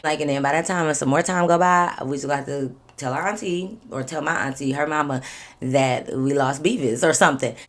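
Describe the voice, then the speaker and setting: A woman with a notably low, deep speaking voice spins a storytime for her channel. She talks casually and animatedly, swearing freely and slipping into other people's lines as she goes. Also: fairly quick. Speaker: vlogger telling a storytime.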